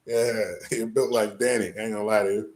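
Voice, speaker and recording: A man's voice: lowish voice, flat delivery, fairly quick, a little mellow. A man doing rambling livestream banter, crude and trash-talking, answering his chat. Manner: sings off-key bursts of a ballad.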